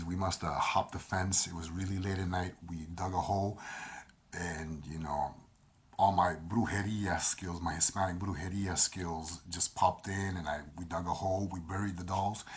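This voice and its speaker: Deep husky Puerto Rican man. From Puerto Rico. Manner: rambling, repeats himself, mixes in Spanish phrases. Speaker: storyteller. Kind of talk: casual personal storytelling.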